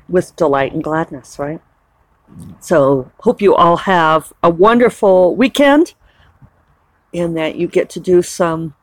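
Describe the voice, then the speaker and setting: Chatty woman rambling about her week, laughs a lot, mid pitch, dry close sound. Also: no room sound. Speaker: author and vlogger. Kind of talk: casual chat.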